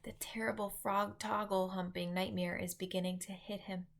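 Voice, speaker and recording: A woman's voice: medium pitch, little pitch movement, moderate pace, creaky, natural voice. A woman doing a whispering friendly giant. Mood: hushed. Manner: whispered, muddled speech. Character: gentle big friendly male giant, odd grammar.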